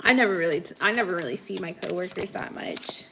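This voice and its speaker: A woman's voice: on the low side, animated, fast talker, creaky, sharp tone, a little hiss or hum. A woman doing a live tarot reading for her viewers in a chatty, playful way, laughing often and calling them honey and kids. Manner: calls the audience kids, honey, guys. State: sniffly. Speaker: tarot reader.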